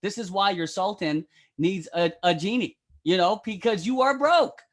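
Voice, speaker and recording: A man's voice: high-pitched, normal speed. A middle-aged man doing a brash, profane, rambling stand-up bit as a guest on a live stream. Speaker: comedian guest.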